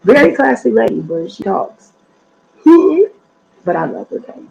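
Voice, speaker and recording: Chatting on a livestream from her home apartment, a heavy-voiced middle-aged woman meanders through casual talk, full of fillers and losing her train of thought. She sounds slightly high and darkish with vocal fry and big pitch swings, unhurried, on a rough recording.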